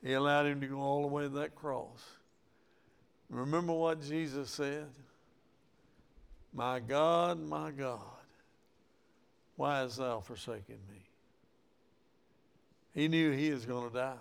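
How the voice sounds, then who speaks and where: Slow gravelly preacher man. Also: medium pitch. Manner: preaching with rising emphasis and acted Bible quotes. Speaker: pastor. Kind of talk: sermon.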